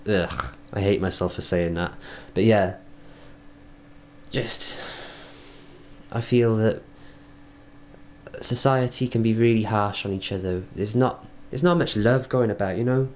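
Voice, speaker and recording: A Welsh man speaking earnestly in a reflective video diary, halting and restarting as he thinks. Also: on the low side, darkish tone, a little hiss or hum. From Wales. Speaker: vlogger.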